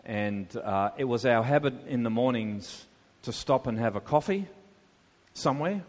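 A man's voice: mid-range voice, expressive, a little slow, a little mellow. A man preaching a sermon, conversational, with many rhetorical questions to the congregation. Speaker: pastor. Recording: long hall reverb.

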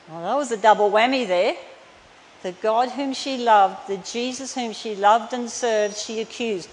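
A woman's voice: a little high, slow. A woman preaching a sermon in an earnest, emphatic way that turns tender. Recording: reverberant hall, faint room noise.

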